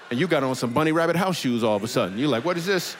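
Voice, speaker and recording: A man's voice: medium pitch, rapid-fire, a little hiss or hum. A man preaching a casual, comedic sermon in a church, telling stories and jokes in a conversational way. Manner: conversational, joking, animated storytelling. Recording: long hall reverb.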